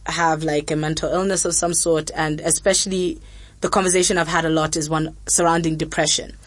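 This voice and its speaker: A young woman talks frankly and casually as a podcast host, with lots of fillers and lively quoted asides. Her voice sits a little low and sounds close and dry, with no room around it. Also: brisk, no echo. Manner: frank, chatty, many fillers, animated quotes. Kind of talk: candid casual chat.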